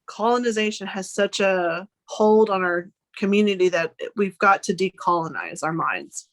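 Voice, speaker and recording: A woman's voice: mid-range voice, animated, moderate pace. A young woman from Arkansas, a podcast guest, speaking earnestly in a casual, conversational way. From Arkansas, United States. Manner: earnest, with frequent "like" and "um" fillers.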